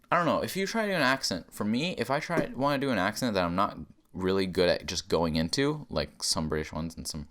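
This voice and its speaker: A low-pitched man with a wildly swinging, animated delivery, riffing through a comedic rant. He talks loosely and profanely and keeps cracking himself up as he goes off on tangents. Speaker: comedy podcast host.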